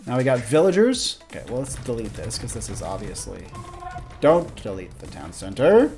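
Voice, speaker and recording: An excitable young man runs a let's-play commentary, swearing and exclaiming at every setback. His pitch swings widely while his voice stays mid-range, and faint music plays underneath. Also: normal speed. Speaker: gaming video host.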